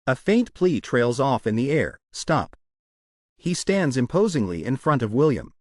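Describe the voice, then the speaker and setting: Lively male recap narrator. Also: mid-range voice, no echo, clean studio sound. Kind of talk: scripted story recap narration.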